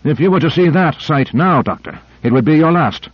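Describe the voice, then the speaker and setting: A man's voice: a little high, expressive, a little fast, no echo, pitched above the performer's own voice. A tense male leader barks urgent orders in a raised voice, as a male audiobook reader puts him on. The recording is dull and lo-fi, with a dry close sound.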